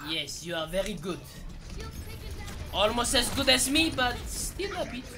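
Guy gaming with a bad fake french accent, high voice, swings up and down like crazy, bright and a bit gravelly. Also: unhurried, over music. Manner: excitable, swearing, breaking into shrieks and laughter. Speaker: gaming video host. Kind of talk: gameplay commentary.

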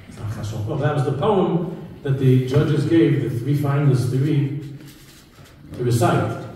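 A man's voice: medium pitch, warm tone, a little hiss or hum. A man preaching a sermon as a rabbi, telling a story with repetitions and Hebrew phrases. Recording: echoey hall, far from mic.

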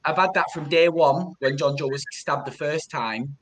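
A man speaking as a guest on a video call, giving emotional personal testimony in an earnest, halting way, often repeating words. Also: on the high side, fairly bright tone, a little hiss or hum, low-quality recording. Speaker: guest, trauma support group founder.

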